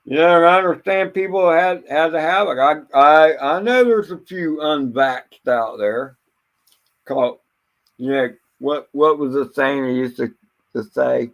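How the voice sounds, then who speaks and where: A livestream host, a man with a slightly high voice, rambles casually at a measured pace, blunt and swearing freely while often tripping over and repeating his words. The sound quality is lo-fi.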